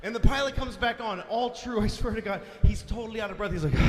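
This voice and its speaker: A man's voice: high voice, in a large hall, noisy background. Profane exasperated male stand-up comic. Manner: profane, exasperated, bursts into shouting. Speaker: stand-up comedian. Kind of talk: stand-up storytelling.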